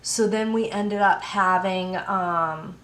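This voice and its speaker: An American woman talks at a slow, easy pace in a mid-range voice, hosting a casual home podcast. She rambles a little and leans on fillers. The room gives her voice a noticeable echo. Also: medium pitch, fairly even intonation, fairly bright tone. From United States. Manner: unhurried, rambling, with many fillers. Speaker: podcast host. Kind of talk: casual knitting podcast chat.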